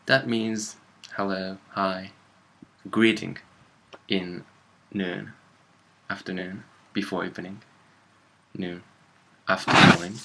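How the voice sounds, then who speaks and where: A man's voice: sits low, bright, forceful tone, low-quality recording. A man with a Japanese accent teaching a casual language lesson, thinking aloud and often stopping to correct himself.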